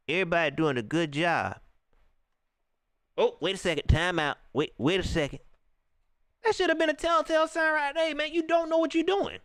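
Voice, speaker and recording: A man hosting a live reaction stream, ranting in an animated way and talking straight to his viewers. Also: high-pitched, normal speed, pauses often, dry recording.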